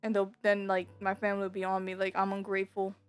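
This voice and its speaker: A young woman telling a personal story in a casual, rambling way. She swears freely, repeats herself, and gets louder when she is upset. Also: mid-range voice, completely flat delivery, quick pace, clear, resonant tone, faint music behind. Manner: bitter and emotional, voice rising when upset. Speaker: streamer.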